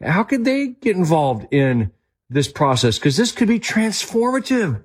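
A man hosting a talk show interview, earnest and animated. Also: high voice, measured pace, husky. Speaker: host.

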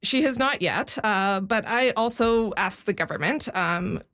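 A woman's voice: mid-range voice, lively intonation, unhurried, a bit bright. A woman giving a conversational radio news report, explaining things step by step with frequent fillers.

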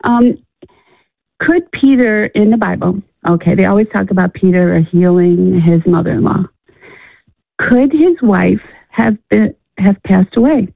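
Female caller on a phone line: raspy, dry, hesitant, keeps restarting. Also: mid-range voice, animated, unhurried, dry recording. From Illinois. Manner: hesitant, laughing, restarts often. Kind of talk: phone-in conversation.

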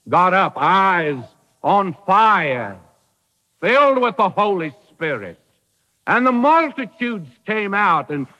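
High, lively-pitched male preacher in a reverberant hall. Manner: emphatic, rhetorical questions and dry humor. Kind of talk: sermon.

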